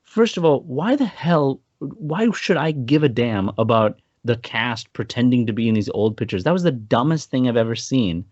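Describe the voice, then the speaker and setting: This man co-hosts a podcast and spins a lively, laugh-filled story, voicing other people's lines as he goes. His pitch is medium and his pace normal with few pauses, and the dry audio has its highs cut off.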